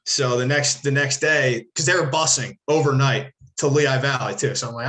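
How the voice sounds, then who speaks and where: Man from the Philly area, mid-pitch voice, loose and profane, rambles and restarts mid-sentence. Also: fairly even intonation, normal speed, hardly any pauses, a bit bright. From Philadelphia area. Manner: rambling, profane, self-correcting. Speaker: podcast co-host, former ballplayer. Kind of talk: casual storytelling.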